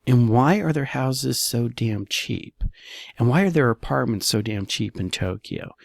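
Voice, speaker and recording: A man's voice: mid-range voice, expressive, a little slow, gravelly, no echo, studio quality. A man, a real estate broker, talking casually in a solo podcast, loose and chatty, often saying "all right".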